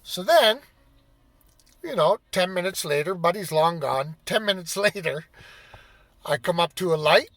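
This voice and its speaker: A man's voice: high voice, animated, a little slow, pauses often, fairly bright tone, dry recording. A man in his fifties telling a rambling, profane anecdote in a casual storytelling style. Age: 50s. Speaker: vlogger.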